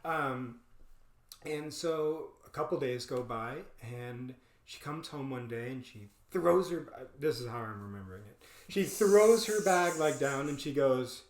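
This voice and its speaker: This podcast co-host has a medium-pitched voice and a measured pace. He tells a story in relaxed conversation, laughing frequently and performing the quoted lines with animation, all recorded in an echoey room.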